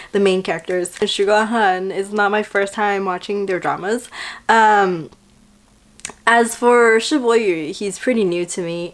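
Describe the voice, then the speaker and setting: A young woman talks casually and excitably into the camera, reviewing a drama she loves. She fills her speech with "like" and "um" and acts out quick bits of dialogue. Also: medium pitch. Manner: chatty and excitable, heavy use of "like" and acted-out quotes. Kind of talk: casual vlog chat.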